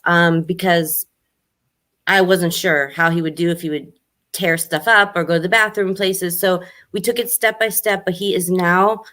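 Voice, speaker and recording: A woman's voice: fairly low pitch, steady tone, moderate pace, fairly bright tone. A woman co-hosting a casual talk show, explaining her points in an earnest way. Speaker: podcast co-host. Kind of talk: casual chat.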